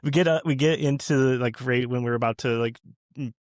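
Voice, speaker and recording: A man's voice: medium pitch, fairly quick, dry recording, clean studio sound. Chatty man telling a rambling story. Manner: rambling storyteller, many restarts and fillers. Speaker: podcast guest. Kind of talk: casual podcast chat.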